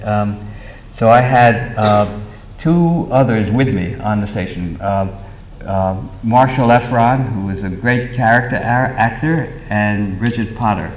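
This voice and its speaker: An older man with a New York accent tells a rambling story on a theater stage, his low voice full of pauses, "uh"s and restarts. The sound is roomy, with faint hall ambience behind him. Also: slight background noise. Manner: halting, many fillers and restarts, chuckling. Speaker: memorial speaker. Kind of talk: storytelling anecdote at a memorial.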